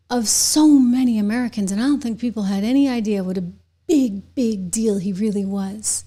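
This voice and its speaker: A woman hosting a political commentary show, delivering an opinion monologue straight to her viewers and building to loud, indignant outbursts. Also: mid-range voice, moderate pace. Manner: speaks directly to viewers.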